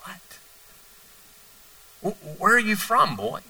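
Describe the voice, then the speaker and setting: Pastor doing a gruff, baffled religious teacher, blunt questions, bright edge, distant mic. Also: male voice, high-pitched, sing-song, takes it slowly, voice pushed up, full character voice. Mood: puzzled. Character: puzzled older male religious teacher.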